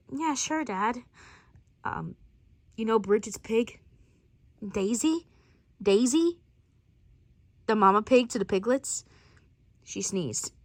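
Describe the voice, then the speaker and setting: A woman's voice: a little high, fairly bright tone, no echo. A woman telling a playful family story, switching between many character voices. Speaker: storyteller voicing a family skit. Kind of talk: playful family role-play.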